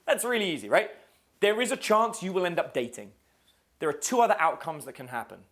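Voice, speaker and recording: Man coaching a crowd, casual, swears, lively ups and downs, fairly high voice. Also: a little fast. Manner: casual, swears, quizzes the audience. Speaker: dating coach. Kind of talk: live seminar teaching.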